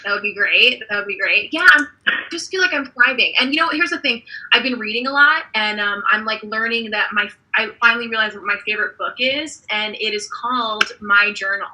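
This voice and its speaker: A young woman in her twenties doing a deadpan stand-up set, hesitant and full of ums. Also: mid-range voice, fairly quick, low-quality recording. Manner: awkward, hesitant, lots of ums. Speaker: stand-up comedian. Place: online comedy show.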